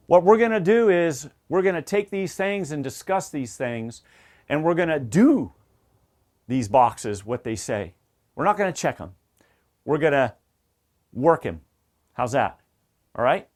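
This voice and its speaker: A man with a drawl teaches lineworker safety in a high-pitched voice. He talks emphatically, like a coach, and hammers key points home by repeating them. He sounds middle-aged. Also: animated, a little slow, long pauses. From Southern United States. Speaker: safety instructor. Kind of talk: energetic safety training talk.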